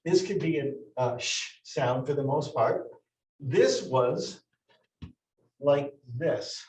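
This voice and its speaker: A man's voice: a little high, expressive, slow pace, darkish tone, roomy sound. Man teaching a class, far from the mic. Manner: explains step by step with many restarts and questions to the class. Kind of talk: classroom lesson. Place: classroom with a board.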